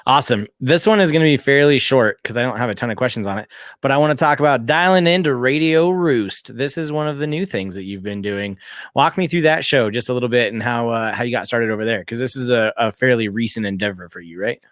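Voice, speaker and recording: A man's voice: medium pitch, fast talker, fairly bright tone, dry recording, studio quality. A man hosting a podcast, chatting casually, laughing often and reading sponsor plugs. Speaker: podcast host. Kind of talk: casual interview chat.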